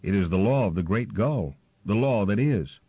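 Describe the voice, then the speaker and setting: A man's voice: lowish voice, expressive, normal speed, husky, no room sound. A man voicing a wise male gull teacher who speaks in a firm, earnest, encouraging way, on a slightly muffled recording.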